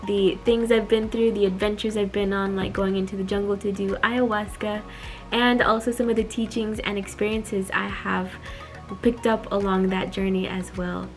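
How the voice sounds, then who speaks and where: A woman hosting her own channel, chatting straight to her viewers as she introduces a reaction video. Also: mid-range voice. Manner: chatty, addressing viewers directly. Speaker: channel host.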